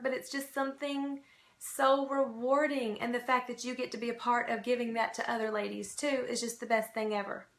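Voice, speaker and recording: A woman's voice: high-pitched, pushed and bright, echoey room. A woman giving an emphatic, repetitive motivational training talk to her sales team.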